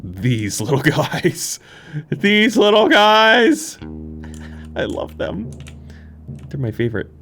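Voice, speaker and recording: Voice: mid-range voice, very animated, slow, long pauses, fairly bright tone. Giggly, playful let's-play commentator. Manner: playful and giggly, cooing at critters. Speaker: gaming YouTuber. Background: game music.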